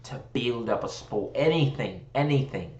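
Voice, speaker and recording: A man's voice: mid-range voice, animated, moderate pace, darkish tone, lo-fi sound. An American man in casual, rambling chat, mocking himself and joking about slipping into a posh British accent. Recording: echoey room.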